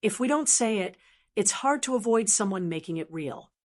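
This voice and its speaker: A woman's voice: medium pitch, expressive, normal speed, close to an everyday voice. Sullen, muffled tribal leader, male, voiced by a woman narrator, audiobook. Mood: frustrated, defensive.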